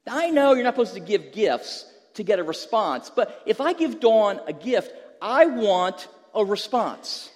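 A man's voice: sits high, very animated, moderate pace, few pauses, a little mellow, long reverb tail. A male pastor preaching a sermon, telling a humorous story and then pressing an emphatic question to the listeners.

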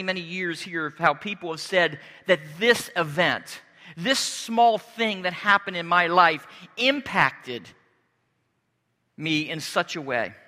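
A man preaching a sermon as pastor, earnest and deliberate, pausing and restarting as he speaks. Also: high-pitched, sharp tone, in a large hall.

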